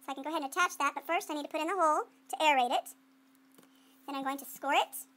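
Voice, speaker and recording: High-pitched woman art teacher doing a clay demo, chatty and playful, mutters to herself while she works. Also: fast, bright, forceful tone. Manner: call-and-response with students. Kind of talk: classroom demonstration.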